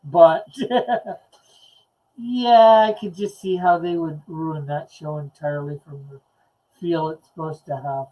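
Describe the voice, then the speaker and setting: A man's voice: on the high side, fairly even intonation, takes it slowly, dull audio. A man hosting a late-night live stream chat, reading comments aloud in a laid-back, chuckling way. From Canada. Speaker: host.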